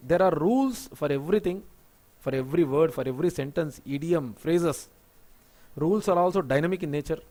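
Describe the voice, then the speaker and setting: Teacher, male, native Telugu speaker, high voice, spells words out and explains patiently. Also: darkish tone. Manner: many fillers and restarts. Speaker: English teacher. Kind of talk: spoken English lesson.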